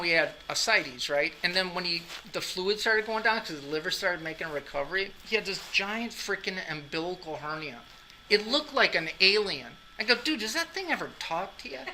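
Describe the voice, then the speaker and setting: A college anatomy instructor tells a long anecdote during class, speaking chattily, often asking "right?" and laughing at his own jokes. His voice is high-pitched, pushed and bright, and the poor audio carries a little hiss or hum.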